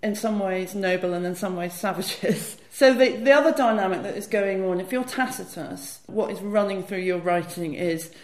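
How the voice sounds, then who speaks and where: A woman's voice: mid-range voice, normal speed, hardly any pauses, darkish tone, roomy sound. A woman talking as a guest historian, explaining fluently and enthusiastically with frequent "you know" fillers. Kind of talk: conversational academic explanation.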